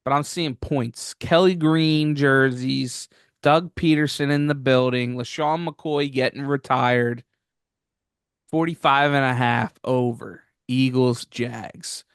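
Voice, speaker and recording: An excitable young man co-hosting a casual sports podcast, talking in a mid-range voice. He piles on hype in quick fan banter. The recording is close and dry. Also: medium pitch, smooth, no echo. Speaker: podcast co-host. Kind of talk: casual sports betting chat.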